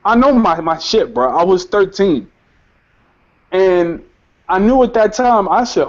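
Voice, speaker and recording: A young man with a fairly high voice tells a personal story on his show. He talks in a heated, profane way, tripping over repeated words as the memory shakes him. The recording is slightly muffled and lo-fi. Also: lively intonation, measured pace, long pauses. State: emotionally shaken. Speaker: host.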